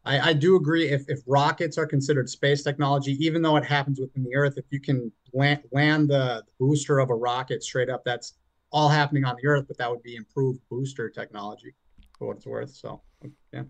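A man arguing his side in an online debate, halting and often restarting his words. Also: mid-range voice, steady tone, no room sound. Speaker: flat earth debater.

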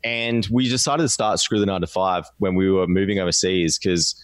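Laid-back Australian man, low voice. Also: fairly even intonation, normal speed, no room sound. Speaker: guest, co-founder. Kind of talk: casual interview chat.

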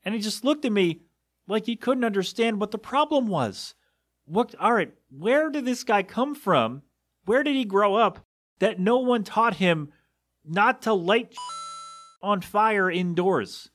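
A man's voice: high-pitched, lively intonation, a little slow, fairly bright tone, dry recording, clean studio sound. A man hosting a solo podcast, ranting in disbelief with rhetorical questions and coughing a bit. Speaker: podcast host.

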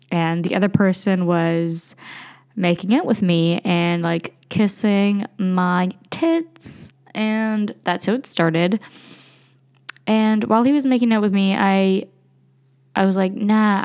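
A woman's voice: mid-range voice, a little mellow. Candid young woman telling a story. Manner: candid, rambling, laughs often, many fillers. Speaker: podcast host. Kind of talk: casual storytelling monologue. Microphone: home computer recording.

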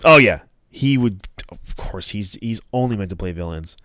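Animated casual man chatting. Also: on the low side, normal speed, dry recording. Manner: animated, enthusiastic, laughs often. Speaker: podcast co-host. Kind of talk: casual chat.

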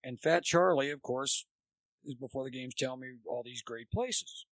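A man's voice: medium pitch, moderate pace, no room sound. An older man telling baseball coaching anecdotes in a casual podcast chat, acting out what people said. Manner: animated anecdote teller, acts out quotes. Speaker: podcast guest, former college baseball coach.

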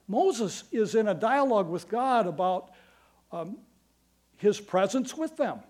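A man preaching a sermon as pastor, earnest and emphatic, with quick asides and slow stressed phrases. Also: high voice, a little mellow.

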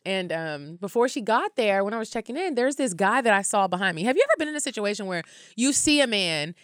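A young woman co-hosting a podcast, telling a story in casual chat, animated and swearing freely. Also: medium pitch, fast, no echo, clean studio sound. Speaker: podcast co-host.

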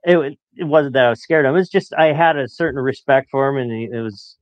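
A man's voice: medium pitch, fast talker, dry recording. A man in his late forties, a podcast guest telling stories in a chatty way and laughing as he talks. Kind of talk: casual storytelling. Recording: dull muffled dry sound.

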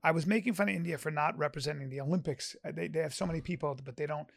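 A man, a stand-up comedian and podcaster, talking in casual chat with rambling, halting restarts and earnest swearing. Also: on the high side, gravelly, no echo, clean studio sound.

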